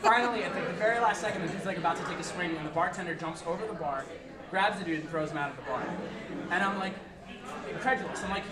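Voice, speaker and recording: A man's voice: sits high, quick pace. A man on stage at a small live music venue, telling a rambling anecdote between songs, laughing and saying "like" a lot. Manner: rambling, laughing, lots of "like" fillers. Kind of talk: storytelling banter between songs. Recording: echoey room, distant mic, loud crowd.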